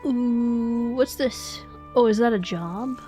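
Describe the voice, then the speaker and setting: A woman's voice: on the high side, slow, warm tone, faint music behind. A young woman streaming a game live, chatting casually, laughing often and answering her chat.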